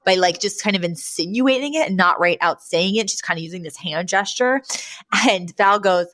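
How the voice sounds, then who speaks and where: A woman's voice: on the low side, animated, normal speed, fairly bright tone. A young woman co-hosting a podcast, recapping a sitcom in casual chat, laughing often and acting out the characters' lines. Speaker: podcast co-host.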